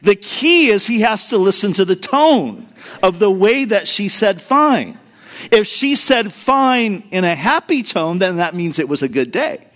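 A man's voice: sits high, moderate pace. A middle-aged man, a pastor, giving a sermon with humorous stories, speaking directly to the congregation and acting out the voices in his anecdotes. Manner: animated storytelling, acts out quoted voices, addresses the congregation directly.

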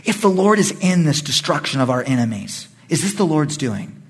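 A man pastor leading a Bible study, animated and acting out the voices of the people in the story. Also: a little high, normal speed, breathy edge. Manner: animated, acts out quoted voices. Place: church meeting room.

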